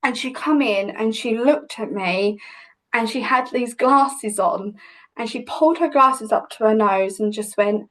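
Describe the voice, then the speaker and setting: A woman's voice: on the high side, measured pace, a bit bright, low-quality recording. A woman, a podcast guest vividly retelling a personal story with many restarts. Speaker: podcast guest, hypnobirthing teacher.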